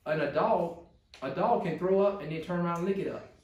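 A man's voice: high-pitched, a little fast, a little mellow, far from the mic, muffled recording. A man preaching a sermon as pastor to his congregation, building to pleading intensity. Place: church sanctuary. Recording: echoey church room.

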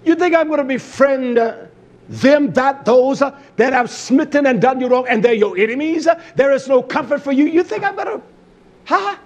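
A man preaching a fiery, confrontational sermon, scolding and cursing, swinging between loud outbursts and low muttering. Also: moderate pace.

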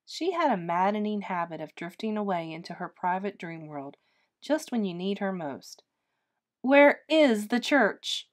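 A woman narrating a children's ghost story aloud in an expressive, gently paced read-aloud style. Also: lowish voice, moderate pace.

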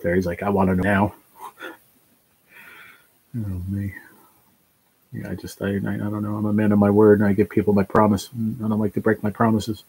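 A man talking to his livestream viewers, halting and emotional, choked up with tears of joy. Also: fairly low pitch, monotone, gravelly, mellow, slightly rough, no echo, poor audio. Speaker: livestream host.

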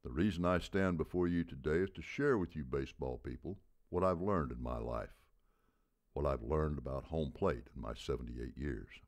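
A man with a very deep voice playing a gruff, blunt baseball coach in his seventies who barks out rhetorical questions. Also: normal speed. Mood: wry. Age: 70s. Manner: barking, booming rhetorical questions.

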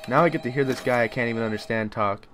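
A young man giving let's play commentary on a horror game, yelling, swearing and panicking in fright. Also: mid-range voice, quick pace, slight background noise. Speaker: gamer.

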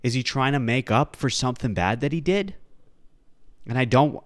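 A man riffing on a solo podcast in a sarcastic, rambling way, throwing in playful mock-serious asides. His pitch sits mid-range for a man, and the recording is close and dry with no room sound around it. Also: sing-song, moderate pace, no echo. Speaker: podcast host. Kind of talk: casual solo commentary on clips.

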